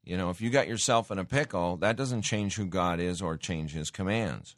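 Low-voiced guy teaching like a sermon, earnest, dry recording, keeps restarting sentences. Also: normal speed, dry recording. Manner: earnest, with many fillers and restarts. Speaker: Christian teacher.

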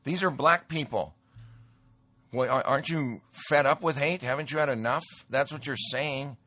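A man's voice: mid-range voice, normal speed, pushed and bright, no echo. Emphatic rambling male commentator, dry sound. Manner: emphatic, rambling, repeats phrases. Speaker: host. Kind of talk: political commentary and sales pitch.

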